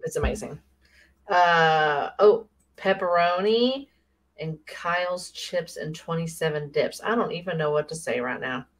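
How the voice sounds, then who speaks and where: A low-pitched woman chats on a podcast in an easygoing, playful way. She jokes and riffs about snacks and travel. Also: unhurried. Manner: playful, jokey, chatty. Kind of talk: casual chat.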